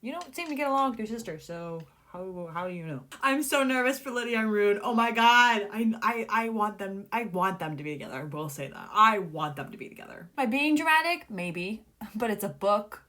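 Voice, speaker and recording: A woman's voice: medium pitch, lively intonation, moderate pace, pushed and bright. A woman reading a novel aloud in a casual vlog, breaking off to react, giggling and gushing over the characters. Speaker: book reader and reactor.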